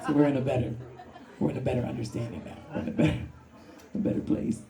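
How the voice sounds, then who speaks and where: A woman's voice: rumbling low, fairly even intonation, fast talker, dark tone. A woman from Brooklyn doing a stand-up comedy set on a club stage, brash and profane, laughing through her punchlines. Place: comedy club with live audience.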